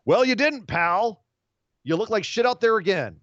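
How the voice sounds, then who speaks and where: A man with a fairly high, lively voice co-hosts a casual podcast chat, sarcastic and profane. He mocks people in quick put-on impressions. The audio is dry and a little dull, like a lo-fi home setup. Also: no room sound. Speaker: podcast co-host. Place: home studio in Los Angeles.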